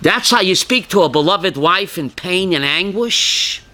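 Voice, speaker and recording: A man's voice: sits high, expressive, measured pace. A man, a rabbi leading a Torah class, quizzing his listeners by name and now and then raising his voice to drive a point home. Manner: calls on listeners by name, asks questions, bursts loud.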